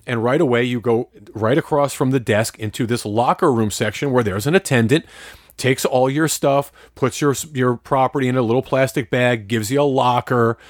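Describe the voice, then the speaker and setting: A man co-hosting a podcast, telling a story in casual chat with lots of swearing and excitement. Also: medium pitch, no echo, clean studio sound.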